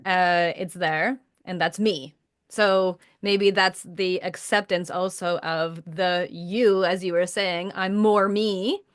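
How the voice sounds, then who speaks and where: Speaking slowly in a lowish, steady voice, a woman hosts a coaching podcast recorded dry with studio quality. She reflects back and summarizes her guest's words, adds her own experience, and encourages the listener throughout the conversational interview.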